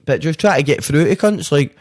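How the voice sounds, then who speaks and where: A man's voice: on the high side, animated, brisk. A young Glaswegian man chatting as a guest rapper on a podcast, swearing freely and rambling through lots of fillers. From Scotland. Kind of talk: casual podcast chat.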